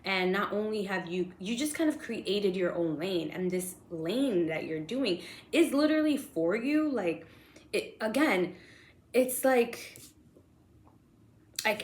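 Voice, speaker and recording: A young woman giving a casual tarot reading, talking excitedly and rambling with lots of slang and fillers. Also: mid-range voice, reverberant. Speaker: tarot reader.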